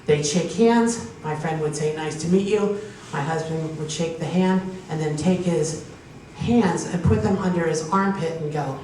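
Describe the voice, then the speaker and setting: A woman from Pennsylvania performs a stand-up set with a slightly low voice, acting out the people in her stories and laughing along at her own punchlines. She is recorded from a distance in a very echoey hall, with faint noise behind her. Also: a little slow, few pauses, mellow. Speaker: stand-up comedian. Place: live comedy show with an audience.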